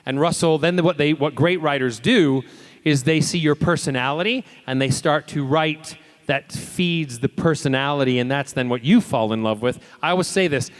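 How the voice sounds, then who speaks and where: Brief: male convention guest, animated storyteller, slightly high voice, acts out quotes. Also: moderate pace. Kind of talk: lively anecdotal Q&A storytelling. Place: convention panel room.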